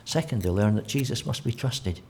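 A man preaching a sermon, telling the story with animated delivery and acting out quotes in different voices. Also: mid-range voice, a little fast.

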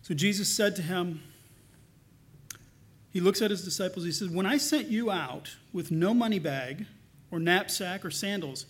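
A man preaching a sermon, earnest, swinging between loud emphasis and soft, hushed lines. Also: sits high, normal speed. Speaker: pastor.

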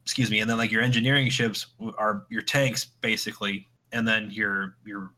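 Bright-voiced casual male podcast co-host. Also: fairly low pitch, little pitch movement, normal speed. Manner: rambling, laughing, acts out quoted voices. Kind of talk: casual chat.

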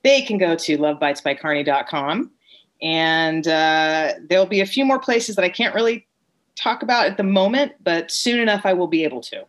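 Earnest lower-voiced woman guest. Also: lively intonation, moderate pace. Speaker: guest, business partner. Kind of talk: casual interview chat.

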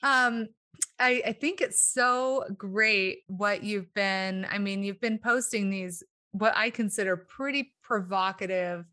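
A woman hosting a podcast, telling stories in an animated, enthusiastic way. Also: mid-range voice, slow. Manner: enthusiastic, animated storyteller, laughs often. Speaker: podcast host. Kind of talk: casual interview conversation.

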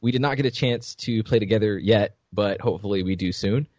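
A man's voice: on the low side, brisk, a little mellow, no room sound. A man on a podcast in casual chat, animatedly retelling a game scene and acting out the characters' lines. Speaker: podcast co-host.

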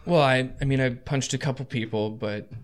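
A man's voice: medium pitch, normal speed, close to an everyday voice. A man voicing an earnest, insecure young man who wants to prove himself in a fight, speaking hesitantly. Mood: sheepish. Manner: hesitant, stammering. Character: eager young male squire-hopeful, insecure and earnest.

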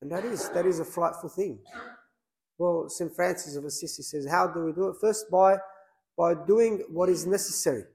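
A man's voice: high voice, normal speed, gravelly, darkish tone, low-quality recording. A man, a priest, preaching a sermon in a plain conversational way, with many fillers and restarts.

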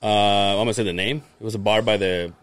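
A man's voice: fairly low pitch, quick pace, no echo. A young man on a podcast, telling a casual story and acting out the lines of the people in it with a lot of swearing. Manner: animated, swears freely, acts out quoted lines. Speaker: podcast host.

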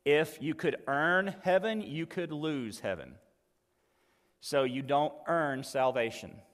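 A man's voice: on the high side, expressive, takes it slowly, fairly bright tone, long reverb tail. A man preaching a sermon as pastor, conversational and emphatic, with folksy asides.

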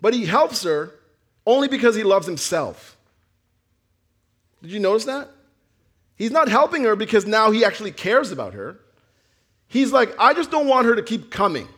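A man preaching a sermon, earnest, swinging from raised, near-shouted lines down to quiet ones. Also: sing-song, normal speed, long pauses. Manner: earnest preaching, rising to near-shouts then dropping low. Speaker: pastor.

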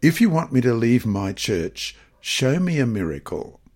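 A man's voice: mid-range voice, big pitch swings, measured pace, a little mellow. A man reading aloud the quoted words of an earnest, devout husband in a story.

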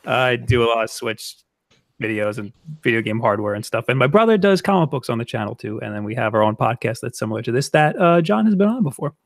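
A man's voice: medium pitch, animated, fast talker, dry recording, clean studio sound. A man as a guest on a gaming podcast, joking and spelling out his channel name. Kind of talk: casual chat.

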